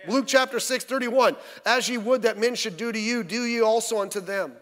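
A man's voice: very high-pitched, a little fast, a bit bright. A male pastor giving a midweek sermon in church, talking in a folksy, conversational way with lots of rhetorical questions. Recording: reverberant church hall.

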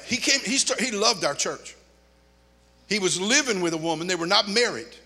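Male pastor, fairly high, gravelly, bright edge; storytelling sermon in a reverberant hall. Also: normal speed. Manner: animated anecdotes, acts out quoted people.

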